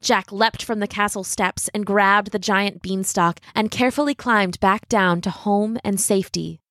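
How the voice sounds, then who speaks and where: A woman reads a fairy tale aloud in a scripted, expressive manner. Her voice sits at a middle pitch. She draws out tense moments, and the sound is close and dry with no room around it. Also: normal speed, no echo. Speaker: storyteller.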